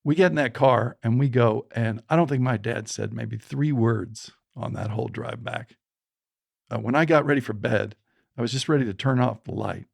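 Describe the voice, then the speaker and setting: A man in his sixties, a podcast guest telling a story from his childhood in an animated way and voicing the people in it. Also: mid-range voice, normal speed, gravelly, no room sound, studio quality. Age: 60s.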